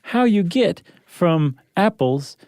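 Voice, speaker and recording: A man's voice: sits high, lively intonation, slow, darkish tone, no echo, studio quality. A man co-hosting a podcast in casual, joking chat, often trailing off and restarting. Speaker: podcast co-host.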